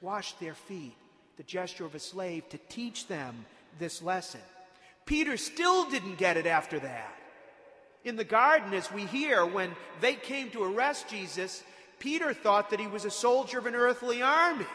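A man's voice: high voice, big pitch swings, a little slow, bright, forceful tone, big-room sound. A man preaching a sermon, retelling scripture with dramatic emphasis and sudden rises in force.

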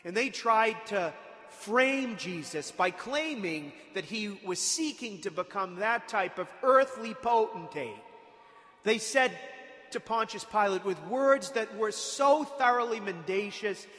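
A man's voice: sits high, expressive, measured pace, a bit bright, big-room sound. A man preaching a sermon, retelling scripture with dramatic emphasis and sudden rises in force.

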